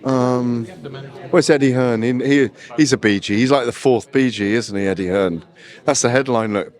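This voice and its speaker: A man's voice: mid-range voice, normal speed, darkish tone. A boxing journalist chatting playfully in a casual interview, joking and tripping over his words. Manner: playful, joking, stumbles and restarts.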